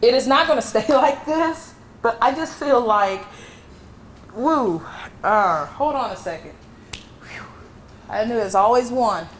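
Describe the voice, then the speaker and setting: A woman medium giving a live reading to an audience member at an expo, reassuring and emphatic, with breathy exclamations. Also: a little high, animated, measured pace, pauses often, slight background noise. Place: expo hall.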